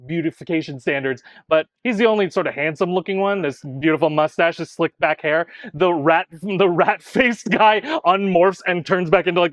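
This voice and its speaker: A man narrating a tabletop game as game master, in an animated way. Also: sits high, no room sound.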